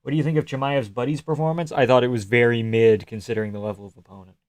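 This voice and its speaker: A man's voice: mid-range voice, fairly even intonation, fast, darkish tone, no room sound. A man hosting a live stream, casually and profanely analyzing fights and answering chat questions.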